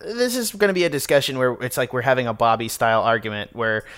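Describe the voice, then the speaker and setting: A man co-hosting a podcast, chatting casually about a film, animated and laughing often. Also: medium pitch, fast talker, crowd noise. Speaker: podcast co-host. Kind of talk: casual film review chat.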